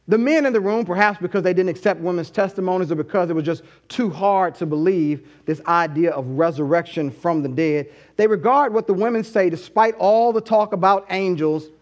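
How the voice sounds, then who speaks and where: A male pastor preaching a sermon with animated storytelling and rhetorical questions. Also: high-pitched, moderate pace.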